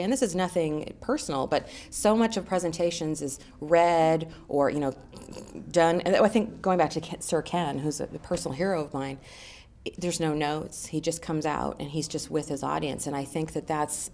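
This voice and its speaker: A woman with a noticeably low voice talks through her work as a communications coach. She answers interview questions in an animated, conversational way, explaining ideas with everyday examples.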